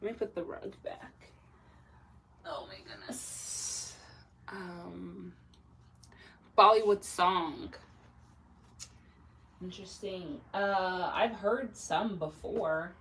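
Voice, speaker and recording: A woman's voice: lowish voice, slow, pauses often, fairly bright tone, a little hiss or hum. A young woman from southern Africa hosting a casual live stream, chatty and laughing often, reading out viewers' messages. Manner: chatty, laughs often, sprinkles in French phrases. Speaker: livestream host reading chat.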